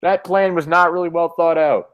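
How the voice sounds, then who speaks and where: A man hosting a casual comic review chat, relaxed with wry asides. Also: on the high side, moderate pace, clean tone, dull audio. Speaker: host.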